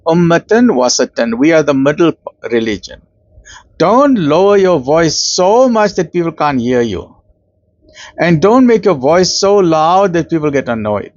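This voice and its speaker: A man's voice: fairly high pitch, a little mellow, lo-fi sound. A man with a South African accent giving a conversational religious talk, slipping in Arabic terms and acting out the voices he quotes. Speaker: Islamic lecturer.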